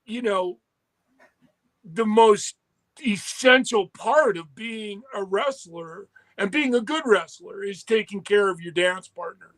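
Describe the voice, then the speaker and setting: A man's voice: high voice, takes it slowly, a bit bright, low-quality recording. A man talking earnestly and at length as a podcast guest, often circling back on his words. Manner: rambling, earnest, many restarts. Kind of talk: casual talk.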